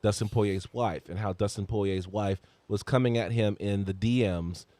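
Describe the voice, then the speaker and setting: Excited podcast host with a dry voice. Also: male voice, normal speed, no echo. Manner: restarts a lot, voice jumps high when excited. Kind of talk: casual sports chat.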